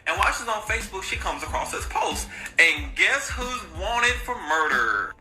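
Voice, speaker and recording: A man's voice: high-pitched, big pitch swings, normal speed, over music, low-quality recording. A man casually recounting a true crime story to his viewers, slangy and sarcastic in his asides.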